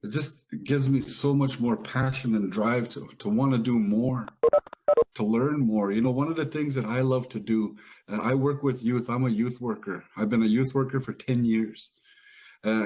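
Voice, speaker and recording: A man's voice: lowish voice, fairly even intonation, normal speed, rough recording. A man hosting an online event, earnest and effusive, a little flustered and often restarting his sentences. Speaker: event host. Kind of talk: emotional live event hosting.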